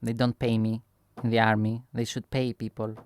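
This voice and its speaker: Young man for a casual vlog; loose, chatty storyteller, smooth voice, mid pitch. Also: normal speed. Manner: rambling, animated, heavy filler words like "right?" and "boom". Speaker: vlogger.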